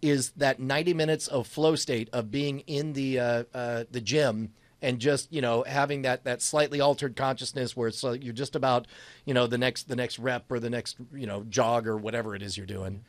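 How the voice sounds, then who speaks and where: A man co-hosting a casual podcast, talking in a rambling, self-deprecating way with lots of halting restarts. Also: medium pitch, fairly even intonation, no room sound. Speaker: co-host.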